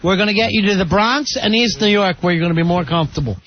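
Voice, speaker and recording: High-voiced teasing male radio host. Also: quick pace, a crowd in the background. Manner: teasing, calls people buddy and honey. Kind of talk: casual radio banter. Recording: muffled radio broadcast audio with faint noise.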